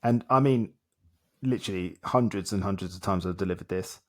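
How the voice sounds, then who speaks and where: Animated man telling stories. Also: sits low, brisk. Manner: animated, acts out dialogue, talks in short repeated phrases. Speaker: self-development coach, guest. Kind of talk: conversational storytelling in a podcast interview.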